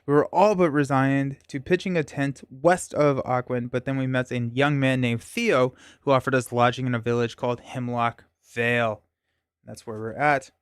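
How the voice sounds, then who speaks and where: A man's voice: mid-range voice, fairly even intonation, normal speed, clean tone, no echo, clean studio sound. A man hosting a solo board game playthrough, reading the story text aloud with stumbles, self-corrections and casual asides. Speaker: board game channel host.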